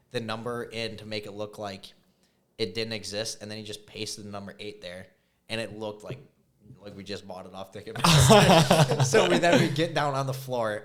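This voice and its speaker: A man in his twenties chatting casually as a podcast co-host, telling stories with lots of laughter. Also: fairly low pitch. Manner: laughing, animated storyteller. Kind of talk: casual chat.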